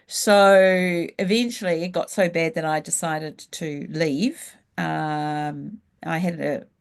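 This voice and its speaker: This New Zealand leadership coach has a low, steady, clear and resonant voice with some vocal fry. As a guest in a relaxed interview, she shares stories openly, frank and reflective, easing her pace as she remembers.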